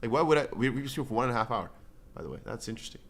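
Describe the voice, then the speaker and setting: A man's voice: mid-range voice, animated, very fast, vocal fry, fairly bright tone. A man hosting a crypto livestream, reading viewer comments aloud in casual chat and rambling with many restarts and playful asides.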